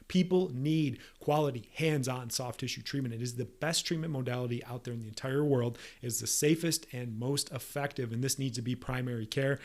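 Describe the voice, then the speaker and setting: A man hosting a podcast, ranting in a combative, emphatic way and swearing freely while he talks about his work as a soft tissue practitioner. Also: medium pitch, fairly quick, hardly any pauses.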